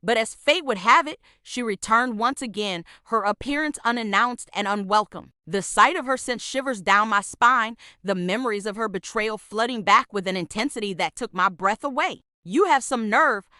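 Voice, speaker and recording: A woman reads a first-person story aloud with an even, steady delivery. Her voice sits high and sounds bright and forceful. The recording is dry and close. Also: moderate pace, hardly any pauses, dry recording. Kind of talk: scripted story narration.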